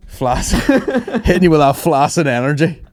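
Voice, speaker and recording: A man's voice: a little high, sing-song, moderate pace, a little mellow, dry recording, studio quality. A young man hosting a podcast, rambling through stories with lots of swearing and laughter. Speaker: podcast host. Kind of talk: casual chat.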